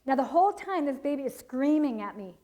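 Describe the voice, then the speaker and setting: A middle-aged woman telling lively stories about training children to a church audience, laughing often and acting out what people said. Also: sits high, brisk, low-quality recording. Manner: animated storytelling, laughs often, acts out quotes. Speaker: Christian child-training speaker. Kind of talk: storytelling talk to a church audience.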